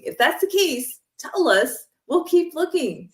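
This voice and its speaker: A woman's voice: high-pitched, sing-song, unhurried. A woman representing a mentorship program, talking in an upbeat, persuasive way during a livestream interview. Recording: roomy sound, far from mic.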